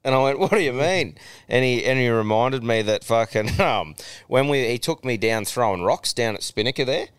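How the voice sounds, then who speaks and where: A man's voice: mid-range voice, expressive, moderate pace, smooth, dry recording, studio quality. A young Australian man co-hosting a casual podcast, telling stories with lots of swearing and laughter. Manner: swears freely, laughs often, tells stories. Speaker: podcast co-host. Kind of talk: casual chat.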